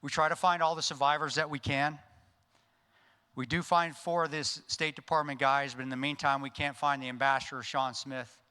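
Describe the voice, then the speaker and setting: A man telling a personal combat story to a conference audience, intense and earnest, dropping his voice low at solemn moments. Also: flat delivery, normal speed, sharp tone, clear, resonant tone. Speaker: keynote speaker. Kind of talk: motivational war story told on stage. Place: large conference hall. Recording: reverberant event hall.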